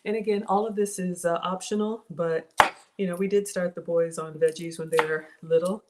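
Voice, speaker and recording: A woman's voice: on the low side, steady tone, normal speed. Chatty woman livestreaming from her kitchen. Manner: chatty, talks straight to viewers, greets them by name. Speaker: home cook livestreaming. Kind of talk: casual cooking livestream chat. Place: home kitchen. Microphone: cell phone and tablet. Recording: noisy phone livestream audio.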